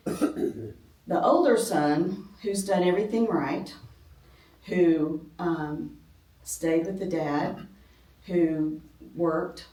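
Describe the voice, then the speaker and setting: A woman's voice: fairly low pitch, darkish tone. Woman teaching a church class, from a distance. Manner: conversational, many ums, self-deprecating humor. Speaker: speaker at a ladies' church class. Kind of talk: informal Bible class talk. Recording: roomy, distant from the mic.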